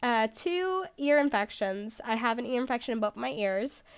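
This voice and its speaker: A woman's voice: a little high, animated, moderate pace, clean tone. A woman hosting her own podcast in casual solo chat, rambling and self-deprecating, with lots of "like". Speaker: podcast host.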